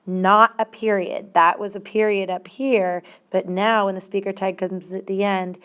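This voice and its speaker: A woman teaching a grammar lesson at a measured, deliberate pace. Her pitch sits in a middle range. She stresses single words as she walks through each rule. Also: smooth.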